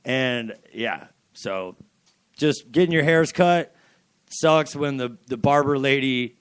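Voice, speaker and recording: A man's voice: medium pitch, slow pace, smooth, no room sound. A man co-hosting a podcast in casual chat, loose and profane, laughing often. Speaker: podcast co-host.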